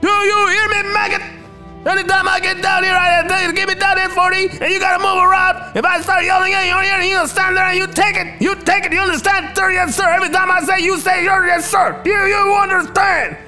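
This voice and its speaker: A man voicing a gruff, bullying male drill sergeant who barks shouted commands. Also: very high-pitched, level tone, fairly quick, soft background music, voice pushed up, full character voice. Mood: yelling.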